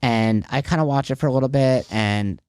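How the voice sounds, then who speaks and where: Male podcast co-host, smooth resonant voice, hesitant and casual, dry close mic. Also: medium pitch, brisk, darkish tone, no echo. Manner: hesitant, filler-heavy storytelling.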